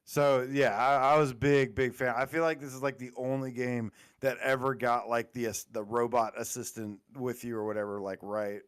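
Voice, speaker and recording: A man with a Southern American accent talks loosely as a podcast guest, laughing and circling back with plenty of fillers. His voice sits in an ordinary middle pitch and comes through smooth and resonant. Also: level tone, normal speed, few pauses. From Southern United States. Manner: rambling, laughing, full of fillers. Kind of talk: casual podcast chat.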